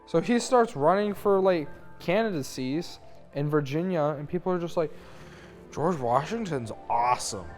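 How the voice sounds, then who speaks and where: A man's voice: on the high side, expressive, moderate pace, a little mellow, faint music behind. A young man retelling history in a loose, rambling, slangy way, dropping into goofy quoted voices for the people in the story. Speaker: student narrator. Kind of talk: drunk history parody storytelling.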